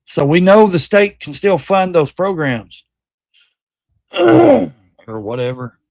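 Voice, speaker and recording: A middle-aged man hosting a casual livestream, reacting to videos with loud, blunt, slangy commentary. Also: high-pitched, very animated, slow pace, gravelly, dry recording, clean studio sound. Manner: loud, blunt, slangy, mocks and quotes the clips.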